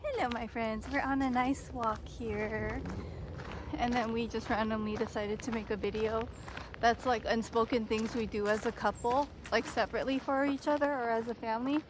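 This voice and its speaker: A woman's voice: fairly high pitch, fairly even intonation, moderate pace, background noise. A woman in her thirties chatting casually and gushing through a lifestyle vlog. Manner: bubbly and chatty, gushing exclamations. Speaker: lifestyle vlogger.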